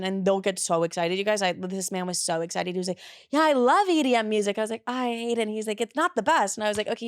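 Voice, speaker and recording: A woman's voice: mid-range voice, no room sound, clean studio sound. A young woman hosting a podcast, chatting casually and bluntly, with playful swearing. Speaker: podcast host. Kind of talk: casual chat.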